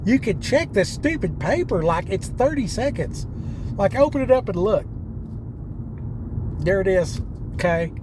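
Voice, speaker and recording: A man's voice: high-pitched, sing-song, normal speed. Blunt Oklahoma man ranting by traffic. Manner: blunt, exasperated, rambling with many fillers. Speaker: vlogger. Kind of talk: casual ranting monologue. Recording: street and vehicle noise behind.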